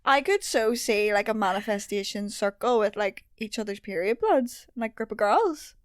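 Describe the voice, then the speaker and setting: A woman's voice: medium pitch, lively intonation, moderate pace, no echo, clean studio sound. A young woman, chatting frankly and giggling as a podcast co-host. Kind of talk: casual chat.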